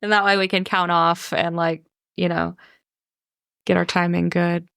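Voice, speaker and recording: A woman's voice: on the low side, little pitch movement, unhurried, creaky, a bit bright, smooth, no echo, clean studio sound. A woman playing a tabletop game, eager and supportive of her fellow player. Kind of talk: casual tabletop game play.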